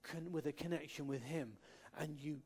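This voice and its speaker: A man's voice: a little high, normal speed, a little mellow, husky. A man from Cornwall preaching a sermon, earnest, with light humorous asides and frequent restarts. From Cornwall, England.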